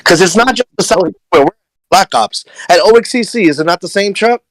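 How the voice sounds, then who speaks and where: A man on a podcast panel telling stories in casual chat, animated and slangy. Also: high-pitched, fairly quick, no echo, poor audio.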